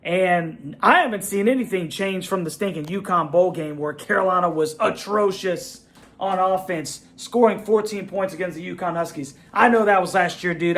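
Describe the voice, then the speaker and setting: Fired-up fan venting. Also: male voice, high-pitched, normal speed, a bit bright. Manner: fired-up venting, repeats himself, "bro" and "man". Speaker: fan channel host. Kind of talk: ranting fan reaction vlog.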